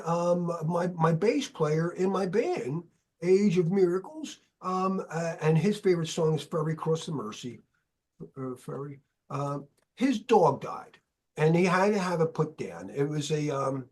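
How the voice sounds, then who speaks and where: A man hosting a podcast, telling stories in casual chat as an animated, freely swearing storyteller. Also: fairly high pitch, a little slow. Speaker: podcast host.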